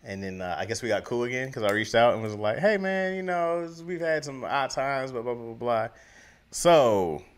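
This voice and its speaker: A man's voice: medium pitch, moderate pace, clean tone. A man co-hosting a loose, unfiltered podcast, his voice sitting in an ordinary middle register. He spins stories animatedly, slipping into the voices of the people he quotes and breaking into laughter. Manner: animated storyteller, acts out quoted lines, laughs often. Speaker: podcast co-host. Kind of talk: casual storytelling chat.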